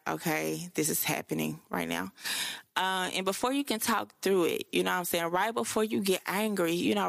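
A woman's voice: on the low side, creaky, no echo, studio quality. A young woman hosting her own podcast in loose, profane, chatty talk full of slang and fillers. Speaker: podcast host. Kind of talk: casual solo podcast talk.

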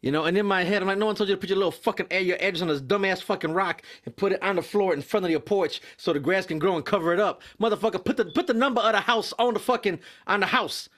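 A young man tells a workplace story on a podcast, loose and profane and full of energy. His voice sits a little high, and he jumps into quick impressions of other people. It is casual storytelling from start to finish. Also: fairly bright tone. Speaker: mail carrier.

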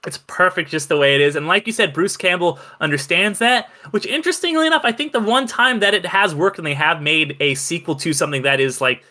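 A man hosting a casual film podcast who is excitable, fills his speech with "like" and "um", and puts questions to the group. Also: high-pitched, brisk, hardly any pauses. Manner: excitable, many fillers like "like" and "um", asks the group questions.

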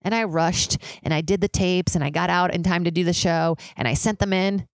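Low, gravelly young woman podcaster. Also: fairly even intonation, brisk, hardly any pauses, no echo. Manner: rambling, profane, frequent "like" fillers. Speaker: podcast host. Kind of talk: casual solo podcast monologue. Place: high-rise apartment with street sirens outside.

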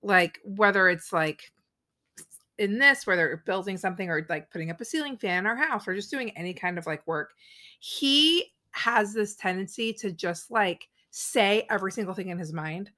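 A woman's voice: mid-range voice, normal speed. A woman in her thirties co-hosting a podcast, chatting casually and peppering her stories with "like". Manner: chatty, peppered with "like", animated quoting. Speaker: podcast co-host. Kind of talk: casual chat.

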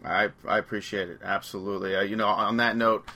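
A man with a bright, forceful voice hosts a loose, casual podcast chat. He rambles through his stories and laughs along the way. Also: on the low side, fairly even intonation, fast. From Long Island, New York. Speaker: podcast host.

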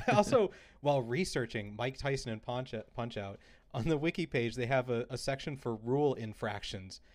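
Laughing, animated podcast guy. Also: medium pitch, normal speed. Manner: laughs often, animated storytelling. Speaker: podcast co-host. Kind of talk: casual chat.

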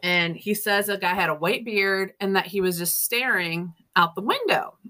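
A woman's voice: mid-range voice, lively intonation, normal speed, bright, forceful tone. A middle-aged woman, a ghost tour guide, chatting and telling stories in an interview, laughing often and acting out the people she quotes. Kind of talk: casual storytelling interview.

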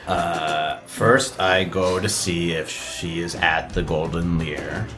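A deep-voiced man at a tabletop game who talks slowly and tentatively. He chuckles as he describes his moves, with faint music behind him. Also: steady tone. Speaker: player. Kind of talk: casual tabletop role-play.

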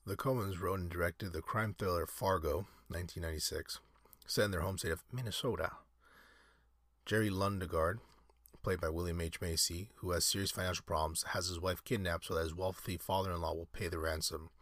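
A man's voice: sits low, fairly even intonation, a little fast, fairly bright tone, no echo, studio quality. A man reading aloud in a casual podcast, often breaking off into rambling, self-correcting asides. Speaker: solo podcaster.

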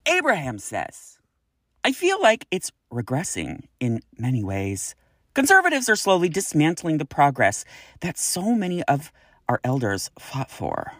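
Woman podcaster, super deep voice, pitch jumps all over, swears a lot, dry close sound. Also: wildly swooping pitch, a little slow, no room sound. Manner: blunt, swears freely, exasperated sighs. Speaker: podcast host. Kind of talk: casual podcast chat reading listener messages.

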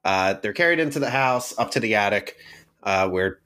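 A man's voice: fairly low pitch, animated, moderate pace, bright, forceful tone. A man co-hosting a podcast, recapping a film plot in a rambling, self-correcting way. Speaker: podcast co-host.

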